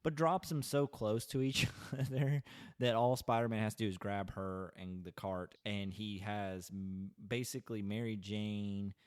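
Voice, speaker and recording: A man talks through a film's story on a podcast in a relaxed, meandering way, with plenty of filler "like"s. His voice sits low, and the sound is dry and close with no room echo. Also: measured pace, clear, resonant tone. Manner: loose, rambling retelling with many "like"s. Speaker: podcast co-host. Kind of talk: casual movie recap chat.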